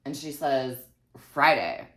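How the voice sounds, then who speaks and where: A woman's voice: extremely low pitch, slow, a bit bright. A woman telling a storytime vlog in a snarky, heavily profane way. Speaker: vlogger.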